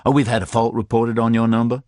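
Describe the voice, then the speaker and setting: A man voicing a small-town male detective who speaks low, measured and careful. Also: flat delivery, dark tone, no echo, studio quality, close to an everyday voice. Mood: smooth pretense.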